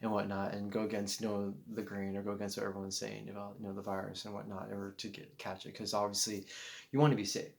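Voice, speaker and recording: A man's voice: on the low side, monotone, fast, vocal fry. A man telling a personal story to camera in a rambling, casual way, full of fillers and restarts. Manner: acts out quoted voices. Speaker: vlogger.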